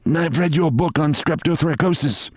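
A man's voice: on the high side, moderate pace, no echo, clean studio sound, voice pushed up, close to an everyday voice. A man voicing a polite, formal visiting male surgeon who speaks courteously. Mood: admiring.

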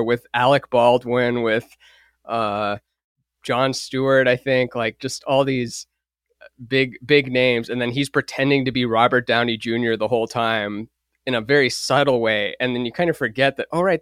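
A man's voice: medium pitch, smooth, no room sound. Brief: podcast host, man, enthusiastic and laughing, dry close mic. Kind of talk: casual chat.

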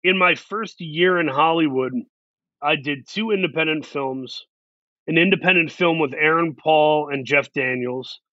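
A man's voice: a little high, unhurried, no room sound, lo-fi sound. A man, an actor guest, telling long self-deprecating stories in a casual interview. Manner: rambling, self-deprecating anecdotes.

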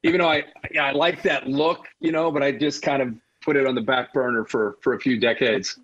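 Middle aged guy, husky kinda high voice, chatty football analyst telling stories, muffled lo-fi sound. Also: fairly quick. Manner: animated, laughing storyteller with many restarts. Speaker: college football analyst, guest. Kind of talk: casual storytelling interview.

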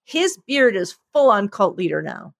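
A woman co-hosting a podcast, bantering casually with animated disbelief. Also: medium pitch, normal speed, vocal fry, dry recording, clean studio sound. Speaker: podcast co-host.

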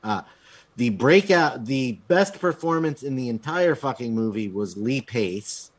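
A man talks casually on a podcast, giving a blunt, profane film review. He hesitates often, filling gaps with ums, and his voice sits at an ordinary middle pitch. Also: animated, unhurried.

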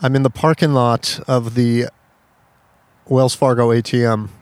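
A man hosting a casual podcast, telling stories in an animated way and acting out the people in them. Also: medium pitch, a little slow, dry recording. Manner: animated storyteller, acts out quoted people. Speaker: podcast host. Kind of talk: casual storytelling chat.

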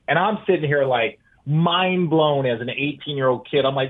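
A man in his forties, a former basketball player, telling stories as an animated podcast guest, with restarts. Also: on the high side, moderate pace, hardly any pauses. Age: 40s. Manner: animated storyteller, with restarts and acted-out quotes. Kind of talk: casual storytelling chat. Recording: tinny phone-like line.

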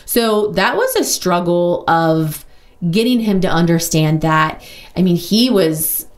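A woman hosting a podcast, talking openly and casually about her own life, with lots of "like" and quick asides. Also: on the low side, lively intonation. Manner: open, chatty, full of "like" and quick asides. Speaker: podcast host. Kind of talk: candid personal monologue.

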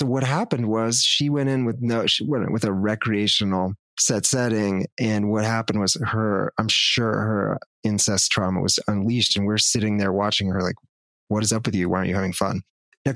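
A man who works as a ketamine therapist, telling stories in a reflective, measured way during a casual podcast conversation. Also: fairly low pitch, fairly bright tone, dry recording.

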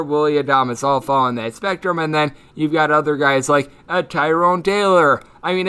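A man hosting a sports betting podcast, running through team stats, player numbers and betting lines in rapid lists. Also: sits high, bright, forceful tone, clean tone. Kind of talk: solo sports betting analysis. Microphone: headphones and studio mic.

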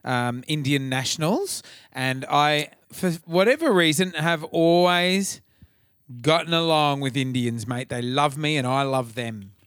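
A man's voice: fairly high pitch, measured pace, a bit bright, smooth, dry recording, clean studio sound. A man with an Australian accent co-hosting a podcast, bantering in a cheeky, slangy way with lots of laughter. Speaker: podcast co-host. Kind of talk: casual banter.

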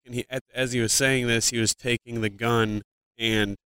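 Smooth-voiced man telling a story. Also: mid-range voice, flat delivery, measured pace, a bit bright, no echo. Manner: rambling, frequent "like" fillers and swearing. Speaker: comedian guest. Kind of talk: casual storytelling in a podcast interview.

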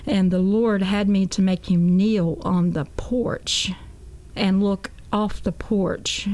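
A woman's voice: mid-range voice, steady tone, slow pace, a little mellow. A woman guest on a talk show, telling her testimony in an earnest, folksy way and often repeating "I said.". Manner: earnest, folksy storytelling with a lot of "I said".

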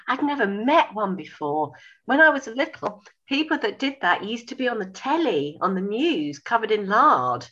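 A woman in her fifties, a sewing school owner, telling a story in a lively way, acting out dialogue and laughing. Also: fairly high pitch, normal speed, highs cut off. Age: 50s. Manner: animated, laughing, acts out dialogue. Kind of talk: casual storytelling.

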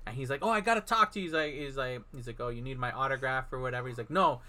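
A man's voice: mid-range voice, rapid-fire, sharp tone. A man co-hosting a podcast, casually recapping a film and acting out the characters' lines as he goes. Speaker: podcast co-host.

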